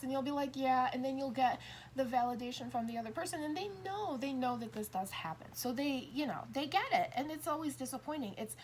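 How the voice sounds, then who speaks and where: A woman's voice: sits high, a little fast, a little mellow, a little hiss or hum. A woman in her fifties talking in a rambling, self-interrupting way, acting out little dialogues as she explains. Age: 50s. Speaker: tarot reader. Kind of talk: casual monologue.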